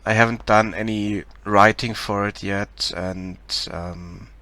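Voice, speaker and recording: A man from Germany with a German accent, casually talking through his game project on a live stream, hesitant, with many pauses and restarts. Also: lowish voice, fairly even intonation, sharp tone. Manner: hesitant, many ums and restarts, laughs shyly.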